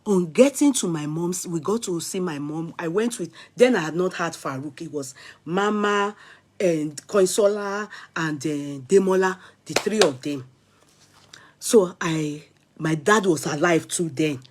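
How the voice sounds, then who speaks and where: Middle-aged Nigerian woman telling a lively story. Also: on the low side, a little slow. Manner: animated, dramatic retelling with rises and soft asides. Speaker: vlogger. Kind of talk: casual storytelling.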